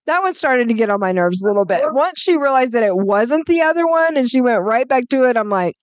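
A woman's voice: a little high, animated, brisk, clean tone, no echo, muffled recording. A woman co-hosting a podcast, telling stories in a casual chat, laughing often and swearing freely. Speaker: podcast co-host.

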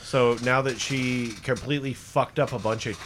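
A man's voice: medium pitch, fairly even intonation, normal speed, over a noisy crowd. A man co-hosting a podcast in casual chat, rambling and crude, always saying dude. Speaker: podcast co-host.

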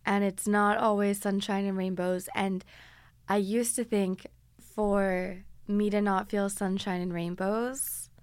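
A woman's voice: medium pitch, little pitch movement, slow, darkish tone, clean tone, no room sound. A young woman hosting her podcast, talking in a chatty, confiding, self-deprecating way, with stretches of upbeat sponsor reads. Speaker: podcast host. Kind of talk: casual podcast monologue with read ads.

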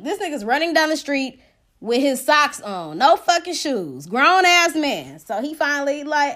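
A high-voiced woman tells a story on her podcast in loose, slangy, profane chat. She sounds animated as she records on her phone from bed at home. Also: measured pace. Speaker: podcast host. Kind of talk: casual storytelling.

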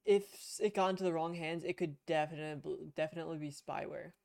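A man's voice: fairly high pitch, fairly even intonation, fast talker, creaky, a little mellow, no echo, clean studio sound. A young man co-hosting a casual podcast, telling a long rambling story with swearing and restarts. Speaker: podcast co-host. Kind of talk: casual chat. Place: home room at a computer. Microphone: headset.

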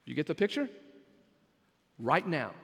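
A man preaching a sermon as pastor, emphatic and swinging between quiet, drawn-out phrases and loud bursts. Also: a little high, big pitch swings, gravelly, husky, in a large hall.

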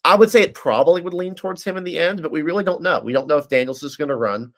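A man's voice: a little high, fast talker. A man in casual political discussion, giving detailed analysis with frequent fillers and restarts.

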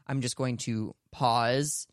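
A man co-hosting a podcast in casual chat, gentle and upbeat, speaking in a reassuring way. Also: medium pitch, steady tone, takes it slowly, no echo, clean studio sound. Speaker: podcast co-host.

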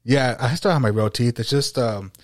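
A man's voice: medium pitch, dry recording, studio quality. A man hosting a casual podcast conversation, talking with a slight lisp and often stopping to search for his words. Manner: halting, with frequent restarts and searching for words. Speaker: podcast host.

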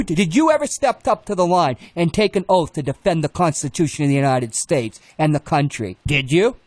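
An older man arguing heatedly on air, indignant and yelling, repeating himself. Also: fairly high pitch, no room sound.

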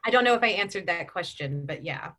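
A woman's voice: lowish voice, expressive, fast talker, a bit bright. Chatty woman narrator in her forties. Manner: chatty, frequent ums and restarts. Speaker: audiobook narrator and voice actor. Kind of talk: casual interview chat.

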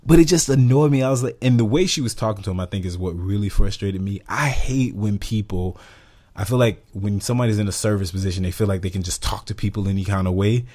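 A man's voice: fairly low pitch, fast talker. A man co-hosting a podcast, telling a story in a casual, exasperated way and acting out the people in it. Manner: animated, exasperated, acts out quotes. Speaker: podcast co-host.

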